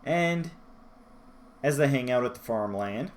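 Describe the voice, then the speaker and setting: A man's voice: medium pitch, lively intonation, a little slow. A man talking through a book review in a rambling, self-deprecating vlog style. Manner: rambling, self-deprecating, loses his place in his notes.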